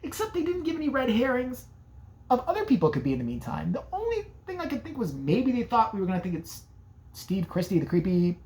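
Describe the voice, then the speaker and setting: A woman's voice: a little high, huge pitch swings, brisk, darkish tone. A woman giving a sarcastic, profane, casual recap of an old movie. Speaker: movie reviewer.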